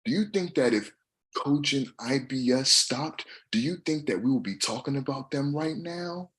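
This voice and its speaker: A young adult man giving a motivational monologue, passionate and swinging from shouts to soft asides. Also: medium pitch, lively intonation, moderate pace. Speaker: motivational speaker.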